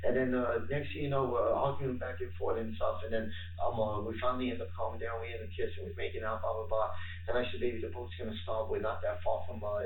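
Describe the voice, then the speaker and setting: A man being interviewed by police, talking haltingly with many fillers. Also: mid-range voice, gravelly. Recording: echoey room, distant mic, faint noise.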